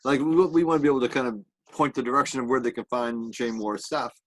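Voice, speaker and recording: A man co-hosting an interview podcast, firing off casual questions to the guest in a lively way. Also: mid-range voice, quick pace, no room sound. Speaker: podcast co-host.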